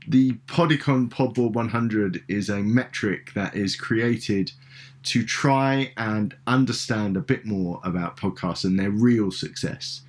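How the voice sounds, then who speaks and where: A man from Britain hosting a podcast interview, asking rambling, hesitant questions with fillers. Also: on the low side. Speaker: podcast host. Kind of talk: conversational interview.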